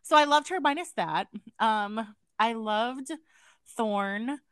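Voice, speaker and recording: A woman's voice: fairly high pitch, slow pace, a bit bright, clean tone, no echo, studio quality. A woman co-hosting a casual book review podcast, talking animatedly and slipping into silly voices to mock characters. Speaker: podcast co-host.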